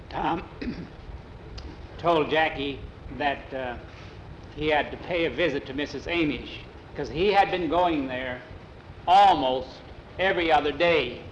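A man telling a story aloud in an animated way, often repeating "he said". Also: on the high side, measured pace, long pauses, roomy sound, highs cut off, a little hiss or hum. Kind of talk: oral storytelling.

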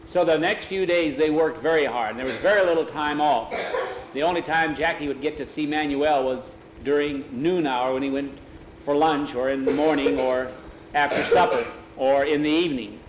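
A man telling a story aloud in a relaxed, folksy way, dropping into broken-English voices for the characters. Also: on the high side, moderate pace, muffled recording. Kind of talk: oral storytelling, voicing characters. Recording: roomy, faint ambient noise.

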